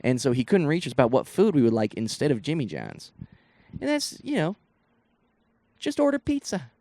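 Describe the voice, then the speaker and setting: A young man from Northeast Ohio, a comedian, rambles through stories on his solo podcast, swearing a lot and going off on asides. His mid-range, mellow voice swings hugely in pitch at a normal speed, recorded with no echo in a casual style.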